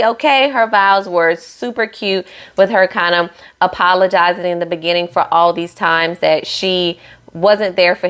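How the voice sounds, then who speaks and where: A woman's voice: fairly low pitch, a bit bright, clear, resonant tone. A woman recapping a reality show in a chatty, sassy way, with playful asides to her viewers.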